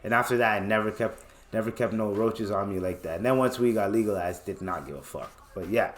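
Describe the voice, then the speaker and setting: A man's voice: on the low side, fairly quick. Young man telling a casual story. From Canada. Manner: loose, profane, acts out quoted voices. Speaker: podcast host. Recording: roomy echo.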